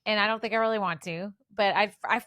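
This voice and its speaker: A woman's voice: medium pitch, steady tone, quick pace, pushed and bright, no room sound. A woman in her forties co-hosting a casual podcast, chatting through film trivia with lots of fillers. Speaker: podcast co-host. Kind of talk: casual chat.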